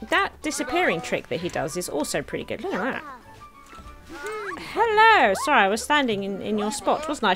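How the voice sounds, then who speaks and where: A woman giving chatty, excitable commentary while playing a cozy video game, gasping and giggling as she explores. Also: on the high side. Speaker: game streamer. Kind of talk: let's play commentary.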